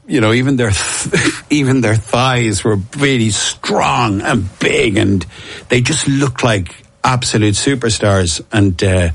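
A middle-aged Irish man with a lowish voice is heard in a dry recording. He tells long, rambling stories in casual chat, restarting frequently and chuckling a lot.

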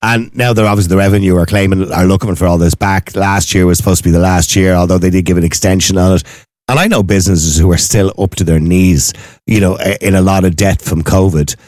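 A man's voice: low-pitched, fairly even intonation, fast talker, darkish tone, no room sound, clean studio sound. An Irish man hosting a radio show, asking questions in a casual chat. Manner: questioning, conversational. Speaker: radio host.

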